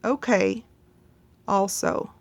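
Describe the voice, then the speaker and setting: A woman's voice: mid-range voice, wildly swooping pitch, extremely slow. A woman teaching a language lesson, patiently explaining sentence patterns and translating each word. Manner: patient, reassuring, repeats words and translates them.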